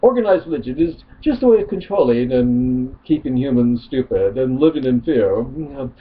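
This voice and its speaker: A man's voice: mid-range voice, lively intonation, moderate pace, natural voice. A man voicing a snobby, haughty atheist chat user in a Stewie Griffin impression, on a dull lo-fi recording. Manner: haughty, prissy reading of a post.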